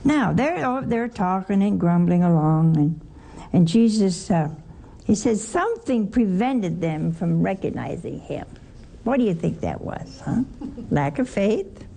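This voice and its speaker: A woman teaching a Bible study in a lively way, asking her listeners questions and adding wry humor. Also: mid-range voice, measured pace, gravelly, a little hiss or hum.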